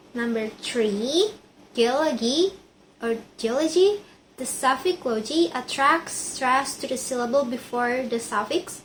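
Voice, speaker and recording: A woman's voice: sits high, fairly bright tone, a little hiss or hum, low-quality recording. A woman reading out a class presentation, carefully repeating words to get their pronunciation right. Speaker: student presenting a project.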